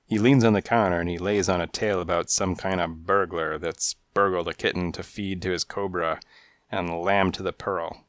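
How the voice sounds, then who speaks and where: A man voicing a menacing male gangster alley cat with a raspy voice and tough-guy street slang, in a storybook reading. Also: low-pitched, fairly even intonation, normal speed, a bit bright, dry recording. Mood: gruff.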